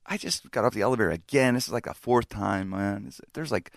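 A man's voice: on the low side, fast, creaky, no echo, clean studio sound. A man casually telling a funny anecdote, acting out the people in it and laughing often. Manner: animated, laughs a lot, acts out quotes. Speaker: storyteller in a chat.

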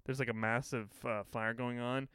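Podcast guy rambling deadpan, super clear voice, dry close mic. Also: mid-range voice, normal speed, no room sound. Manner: deadpan, rambling with many likes. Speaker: podcast co-host. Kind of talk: casual chat.

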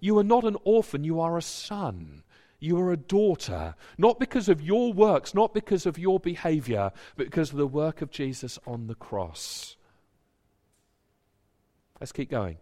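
High, lively-voiced preacher in a hall. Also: male voice, unhurried. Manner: animated, repeats words when stirred, acts out quoted voices. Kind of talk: sermon with scripture reading. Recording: long hall reverb.

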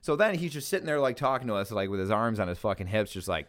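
Animated swearing man telling a story. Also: on the low side, fast. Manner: animated, swearing, mimics people in exaggerated voices. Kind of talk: casual storytelling chat.

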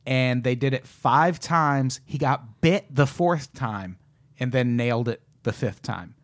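A man's voice: mid-range voice, takes it slowly. Male comedian guest, wry, swearing, casual chat, anecdotes.

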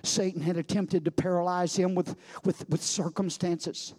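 A high-voiced male preacher delivers a sermon. He drops into hushed storytelling, then climbs to loud, shouted climaxes, repeating phrases for weight. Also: flat delivery, normal speed.

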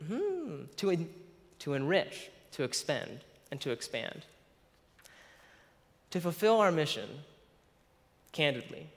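A man's voice: mid-range voice, fairly bright tone. A man preaching a sermon who stumbles over his words and laughs at himself. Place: church sanctuary. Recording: long hall reverb.

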